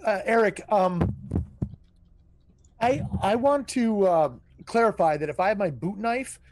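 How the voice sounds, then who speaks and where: Hesitant high-voiced man. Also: animated, background noise. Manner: hesitant, halting. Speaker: player. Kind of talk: casual chat at a game table.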